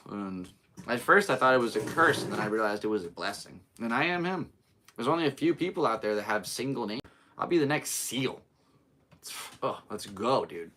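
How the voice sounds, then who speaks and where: A man's voice: on the low side, moderate pace, long pauses, bright, forceful tone. A young man hosting a live podcast from home, chatting in a rambling, easygoing, upbeat way into his laptop. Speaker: podcast host. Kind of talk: casual live podcast chat.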